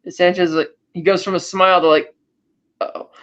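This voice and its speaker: High-voiced man recapping a film. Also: lo-fi sound. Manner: animated storytelling with quick voiced asides. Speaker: podcast co-host.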